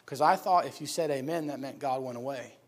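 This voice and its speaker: A middle-aged preacher from upstate New York tells personal stories in a brisk sermon, loudly shouting in high voices to play the people involved. For serious moments he drops into a soft, low tone.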